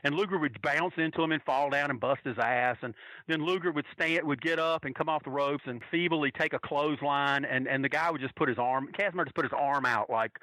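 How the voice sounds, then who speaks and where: Bright-voiced man telling a rowdy story. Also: fairly high pitch, dry recording, low-quality recording. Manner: animated, profane, rambling with restarts. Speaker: podcast guest telling a wrestling fan story. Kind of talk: casual storytelling.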